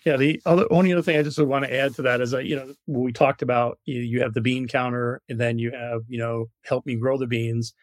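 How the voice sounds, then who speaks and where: A man from New York, a guest on a podcast interview, who tells stories in an animated way and uses many "you know" fillers. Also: medium pitch, quick pace, few pauses, no echo. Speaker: guest, product marketing director.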